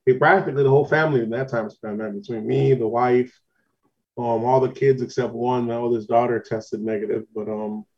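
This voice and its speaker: A man's voice: mid-range voice, steady tone, a little fast, darkish tone, lo-fi sound. A man co-hosting a podcast, telling a long story in casual slang, still getting over an illness. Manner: laid-back storytelling with slang. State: recovering from illness, lingering symptoms. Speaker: podcast co-host.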